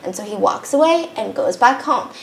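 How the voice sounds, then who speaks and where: A woman hosting a podcast, casually retelling a story in an animated way, swearing freely and acting out the characters' quotes. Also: on the high side, moderate pace, vocal fry. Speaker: podcast host. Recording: roomy echo with faint noise.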